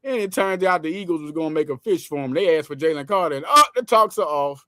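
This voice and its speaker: A man hosting a casual sports talk show, talking in loose slang with lots of quick restarts. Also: fairly high pitch, sharp tone, no room sound, studio quality.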